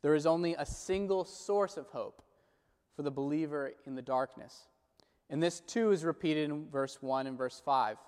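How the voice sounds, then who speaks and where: A man preaching a sermon in a measured, earnest way, slowing down when he quotes prayers and scripture. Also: a little high, a little mellow, smooth. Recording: long hall reverb.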